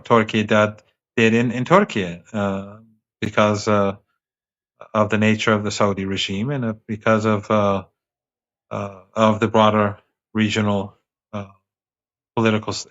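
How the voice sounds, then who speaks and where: A man speaking as a guest analyst in a remote interview, talking fast and emphatically with rhetorical questions and frequent restarts. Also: on the low side, fairly bright tone. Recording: dull lo-fi remote audio.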